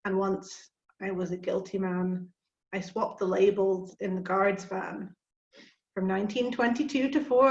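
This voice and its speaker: A woman reads a comic rhyming poem aloud in a bouncy, rhythmic way. Her voice sits at a middle pitch. The sound is roomy and somewhat muffled, like a home call recording. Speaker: poetry reader.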